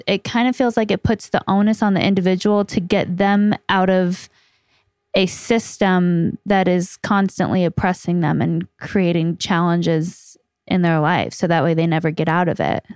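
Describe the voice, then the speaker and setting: A woman's voice: on the low side, fairly even intonation, normal speed, a little mellow, clear, resonant tone, no room sound, clean studio sound. A woman podcast host talking through her thoughts hesitantly, with many fillers. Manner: hesitant, lots of likes. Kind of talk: conversational interview.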